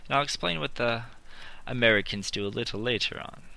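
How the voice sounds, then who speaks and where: A man teaching English in a slow, deliberate classroom style, repeating his examples while writing them on a board. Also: medium pitch, creaky, pushed and bright. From not British.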